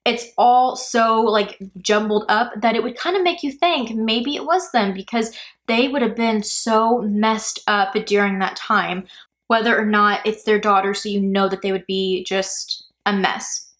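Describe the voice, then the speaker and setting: A woman's voice: mid-range voice, measured pace, fairly bright tone. A young woman hosting a true crime podcast, talking in a chatty, rambling way with many fillers. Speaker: podcast host.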